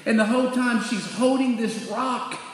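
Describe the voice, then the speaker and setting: A man's voice: very high voice, fairly even intonation, normal speed. A middle-aged man, a pastor, preaching a sermon that tells a family story and acts out the children's voices before building to a fervent appeal. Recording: echoey hall with long reverb.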